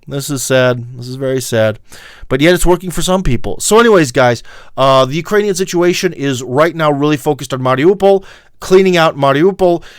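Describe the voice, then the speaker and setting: Livestream host: Midwestern American man, rambling and emphatic, smooth dry voice, close to the mic. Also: medium pitch, no room sound. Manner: rambling, many fillers, emphatic asides to viewers. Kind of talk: casual livestream monologue.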